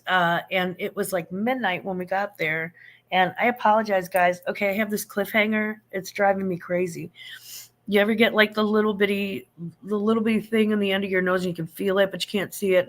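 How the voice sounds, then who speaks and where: A woman in her fifties talks through a casual live-stream chat at a middle pitch. She rambles with plenty of ums and restarts, and calls her viewers sugar and honey. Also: steady tone, moderate pace. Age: 50s. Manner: chatty and rambling, with frequent fillers and restarts; affectionate, greets viewers with endearments.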